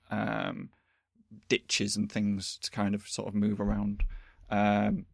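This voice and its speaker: A man, chatting casually as a podcast host, rambling and animated with lots of fillers. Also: fairly low pitch, vocal fry, slightly rough, no room sound, studio quality. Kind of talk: casual chat.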